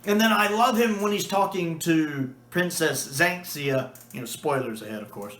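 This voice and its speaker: A man's voice: fairly high pitch, moderate pace, fairly bright tone, slight background noise. Enthusiastic man in a roomy space. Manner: enthusiastic, acts out quoted lines. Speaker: video reviewer. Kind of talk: casual review talk.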